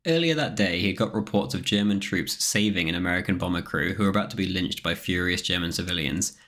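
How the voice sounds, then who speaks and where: A man reading a scripted history documentary narration in a measured way. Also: deep voice, a bit bright. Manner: measured, reads quotations aloud with spoken quote marks.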